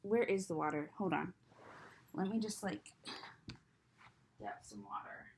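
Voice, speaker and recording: A woman's voice: deep voice, huge pitch swings, a little slow, darkish tone, slight background noise. A young adult woman chatting casually to camera, rambling and self-deprecating, with a slight lisp from braces. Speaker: vlogger.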